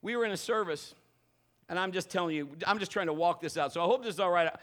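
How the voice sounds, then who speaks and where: Animated male pastor telling stories. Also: quick pace. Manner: animated storytelling, swinging between loud bursts and low asides. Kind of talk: sermon. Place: church service.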